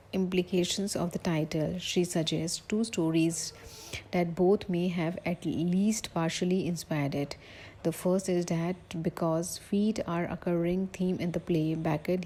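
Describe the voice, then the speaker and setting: Flat-voiced woman reading a literature lecture. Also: on the low side, low-quality recording. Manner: reads haltingly, with slips and self-corrections. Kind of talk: recorded lecture reading from notes.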